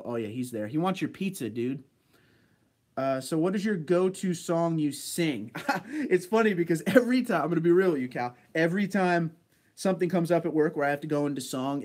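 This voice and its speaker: A man casually chatting with his viewers and answering their comments during a livestream, laid-back and quick to laugh. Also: a little high, darkish tone. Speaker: livestream host reading chat. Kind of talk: casual chat.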